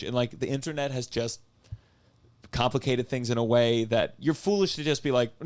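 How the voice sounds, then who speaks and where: A man co-hosting a casual comedy podcast, talking fast and nodding along with quick agreements. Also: mid-range voice. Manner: quick talk, lots of backchannel agreement. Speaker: podcast co-host.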